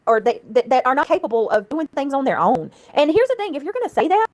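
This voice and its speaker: A woman's voice: high-pitched, sing-song, quick pace, a little mellow, no room sound. A woman livestreaming in casual chat, giggling, swearing freely and thanking her viewers.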